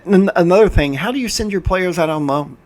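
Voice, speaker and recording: An older man hosts a gaming channel, playing and commenting over screen capture in a frustrated rant, with frequent stumbles and restarts. His high voice is darkish in tone, lively in intonation, and fairly quick.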